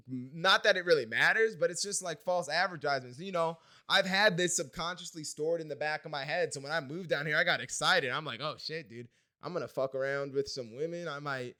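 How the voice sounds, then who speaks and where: A man's voice: on the high side, fairly bright tone. A man in his late twenties telling rambling, self-deprecating stories in a casual video diary, swearing freely. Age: late 20s. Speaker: vlogger. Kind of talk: casual personal vlog storytelling.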